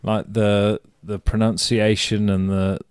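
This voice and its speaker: A man's voice: fairly low pitch, flat delivery, slow pace, darkish tone, clear, resonant tone, no room sound, studio quality. A man co-hosting a podcast in casual chat, jokey and teasing. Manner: jokey, teasing, laughs often. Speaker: podcast co-host.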